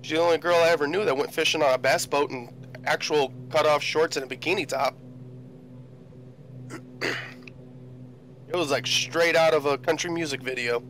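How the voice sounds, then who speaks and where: A man's voice: on the high side, fairly even intonation, moderate pace, long pauses, a bit bright, slight background noise, low-quality recording. Dry storytelling man from the Chicago area. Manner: dry, telling stories. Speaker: co-host of a flight sim stream. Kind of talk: casual chat.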